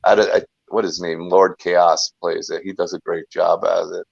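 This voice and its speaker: A low-voiced man with a gravelly, creaky edge rambles through a casual chat as a guest. He talks on and on and trips over his own restarts. The sound is dry and dull, like a lo-fi call. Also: flat delivery, normal speed, no room sound. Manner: rambling, talkative, full of restarts. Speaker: guest, filmmaker and YouTuber.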